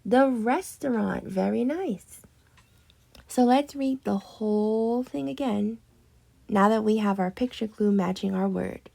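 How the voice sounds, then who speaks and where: A woman teaching an early reading lesson to young children, patient and slow, drawing out words as she models them. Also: mid-range voice, gravelly, warm tone.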